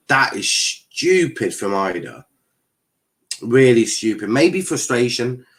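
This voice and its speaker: A man calls a football match live for his stream, breaking off to answer chat messages. His pitch sits mid-range but swings a lot, and he talks in a loose, blunt, sweary way. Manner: animated, sweary, reacts to play and chat messages. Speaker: watchalong streamer host.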